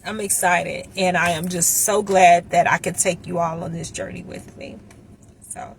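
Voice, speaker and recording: A middle-aged woman chatting casually with viewers on a livestream, heartfelt and emotional, pausing often with ums. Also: fairly low pitch, level tone, creaky, slight background noise. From Chicago area. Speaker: vlogger and insurance agent. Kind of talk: casual live-stream chat with viewers. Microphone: phone.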